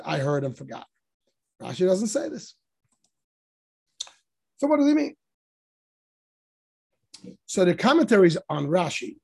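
A man's voice: high voice, vocal fry, darkish tone, husky. A man teaching a text study class on religious commentary, explaining with emphatic rhetorical questions and rising voice on quotations. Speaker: Torah teacher.

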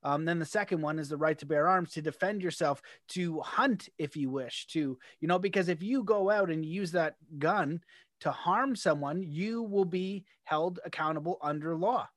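A Canadian man talks in a loose, rambling way, animated and quick to laugh. His voice sits fairly high. The sound is dry and close, with no room echo. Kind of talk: casual podcast conversation.

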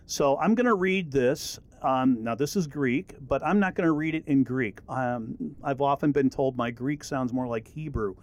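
A middle-aged man giving a relaxed, rambling Bible lesson with many fillers and restarts. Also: mid-range voice, moderate pace, few pauses. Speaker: Bible teacher. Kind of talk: casual recorded lesson.

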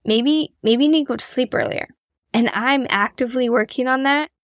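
A woman with a fairly high voice talks to her listeners in a casual, chatty monologue. She is encouraging and pokes fun at herself as she motivates them. The sound is dry and close. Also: normal speed, no echo. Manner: encouraging, chatty, self-deprecating. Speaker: podcast host.

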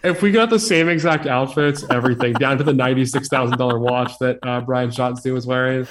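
A man co-hosting a podcast in casual comedic chat, laughing easily, swearing and pitching absurd bits. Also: fast talker. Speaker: podcast co-host.

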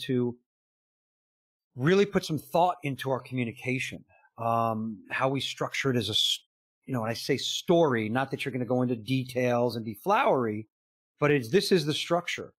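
A man's voice: mid-range voice, moderate pace, no echo. A middle-aged man, a business coach, earnestly telling stories in an interview, full of "you know" and quoted dialogue. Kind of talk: conversational interview answer.

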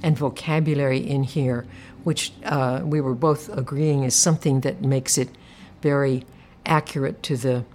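A woman hosting a casual book discussion, speaking hesitantly with many pauses and fillers. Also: a bass voice, fairly even intonation, a little mellow, a little hiss or hum. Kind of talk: casual book club chat.

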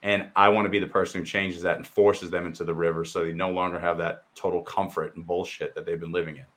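This co-host has a very deep, low voice with a slightly bright edge, speaking quickly in a flat delivery. The casual discussion runs heated: he's blunt, swears freely, and leans on mocking quoted asides to make his points.

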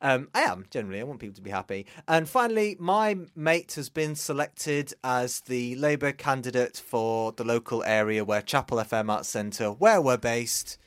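A man's voice: medium pitch, lively intonation, normal speed, few pauses, fairly bright tone, clean tone, no room sound. Brief: male co-host, chatty and dry, recorded close and dead. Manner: chatty, dry humour, laughs easily. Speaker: podcast co-host. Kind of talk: casual chat.

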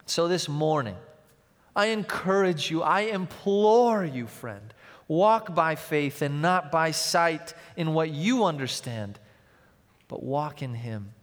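A young man with a high voice preaches a sermon, telling personal stories in an animated way. He swings between loud passages and hushed, tender ones. His voice rings out in the long reverb of a large hall. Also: slow pace. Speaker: pastor.

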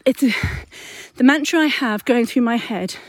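High-voiced woman musing on a walk. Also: slow pace, dry recording. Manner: candid, chatty, self-correcting. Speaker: parenting podcast host and mother. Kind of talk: casual reflective monologue. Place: outdoors, walking up a hill at dusk.

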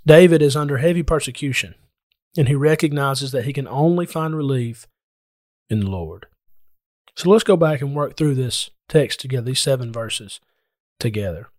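A man's voice: mid-range voice, normal speed, a little mellow, no room sound, studio quality. A man preaching a sermon in an earnest, explanatory way, speaking directly to his listeners.

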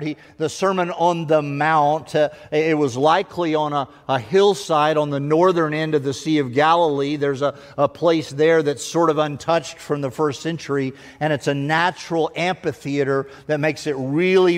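A man preaching a sermon as pastor, emphatic and driving his points home with rhythmic repetition. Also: on the high side. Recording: long hall reverb of a large church.

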